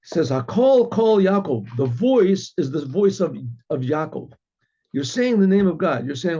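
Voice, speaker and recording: A rabbi explaining a Torah text to listeners in an earnest, step-by-step way, often repeating and restarting words and dropping to a murmur for asides. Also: male voice, fairly high pitch, lively intonation, normal speed, mellow. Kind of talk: Torah lesson with Hebrew and Aramaic terms. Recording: dull lo-fi recording.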